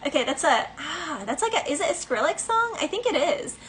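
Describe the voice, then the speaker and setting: A woman's voice: high voice, big pitch swings, brisk, a bit bright, slight background noise, low-quality recording. A woman giving a casual collective tarot reading, chatty and rambling, with many fillers and snatches of song. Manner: breaks into bits of song. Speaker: tarot reader.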